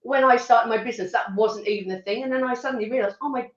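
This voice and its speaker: A woman's voice: fairly high pitch, roomy sound, highs cut off. Chatty woman with a Suffolk twang. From rural Suffolk, England. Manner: chatty, laughs often, halting restarts. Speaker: guest. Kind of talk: casual interview chat.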